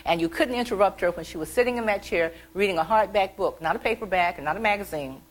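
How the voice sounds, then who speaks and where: A middle-aged woman from the American South, an author telling animated stories about her childhood at a library event. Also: mid-range voice, quick pace, rough recording. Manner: chatty, animated, acts out childhood quotes. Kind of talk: storytelling talk.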